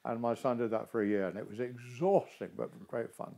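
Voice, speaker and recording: Older man with a gravelly, husky voice. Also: medium pitch, a little fast. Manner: expressive, animated storytelling. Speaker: interview guest, actor. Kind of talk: casual interview talk.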